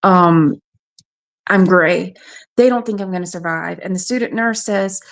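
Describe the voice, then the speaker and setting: A woman's voice: lowish voice, measured pace. A woman from South Carolina, frankly recounting a personal ordeal as a radio show guest. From South Carolina, USA. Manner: frank, matter-of-fact storytelling. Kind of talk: personal testimony.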